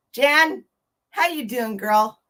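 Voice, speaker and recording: A woman in her fifties, hosting a casual livestream and chatting warmly, laughing and greeting viewers one by one. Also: high voice. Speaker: livestream host.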